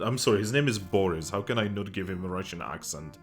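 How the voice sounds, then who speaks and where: A man playing through a game with casual commentary and dry, sarcastic jokes. His voice sits low. Faint game music plays behind him. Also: fast, few pauses. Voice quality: sarcastic, joking asides. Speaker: let's play gamer.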